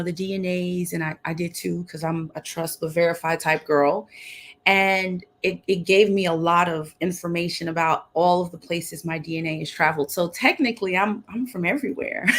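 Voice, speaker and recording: A woman's voice: fairly low pitch, fairly even intonation, moderate pace, fairly bright tone. A young woman from Dallas talks as a guest over a video call. She is bubbly and upbeat and laughs often in easy, casual chat. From Dallas, Texas. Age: young adult.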